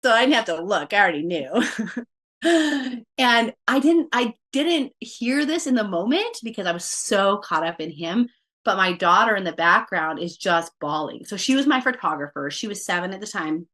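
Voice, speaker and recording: A woman's voice: medium pitch, sing-song, normal speed, a bit bright. A woman guest on a podcast, telling a personal story casually and quoting her own thoughts aloud with many fillers.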